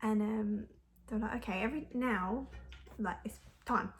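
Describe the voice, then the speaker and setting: A woman's voice: mid-range voice, moderate pace, slight background noise. A young woman telling a personal story to camera in a frank, chatty way, laughing often and using lots of fillers. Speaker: mum vlogger.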